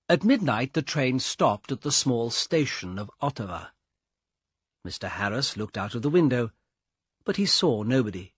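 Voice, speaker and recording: Man reading a learner storybook, real slow, husky voice, lively pitch, dry close mic. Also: no echo. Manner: slow, clear, carefully paced reading. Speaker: audiobook narrator. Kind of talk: scripted narration for English learners.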